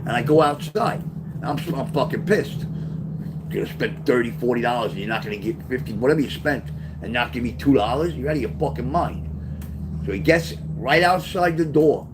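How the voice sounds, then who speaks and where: A man's voice: medium pitch, lively intonation, a little fast, background noise. A middle-aged man, casually telling a street story on his livestream, in a rambling, profane way. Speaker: author livestreaming to chat.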